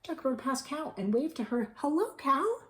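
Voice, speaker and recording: A woman teacher reading a picture book aloud to children, animated, gasping and asking them questions. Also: high voice, normal speed, a little hiss or hum.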